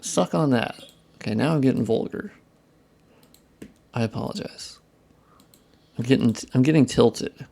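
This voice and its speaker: Working live on stream, this young modder jokes with his audience and swears under his breath at his tools. He speaks with a mellow, gravelly, medium-pitched voice, unhurried and broken by long pauses, and his asides to chat are crude and self-mocking.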